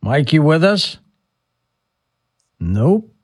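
A man hosting a radio talk show in a relaxed, conversational way, taking listener calls. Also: on the high side, drawn-out words, no echo, clean studio sound.

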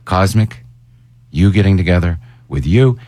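A man's voice: deep voice, lively intonation, measured pace, a little mellow, no echo. A man from Northern Pennsylvania hosting a casual interview chat, chatty and jokey as he tells stories. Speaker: podcast host.

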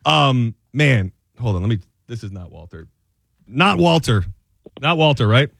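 A man hosting a radio show, chatting casually and telling rambling, animated stories. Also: mid-range voice, vocal fry, dry recording. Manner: fast, rambling, animated storytelling. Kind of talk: casual talk radio banter. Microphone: studio mic.

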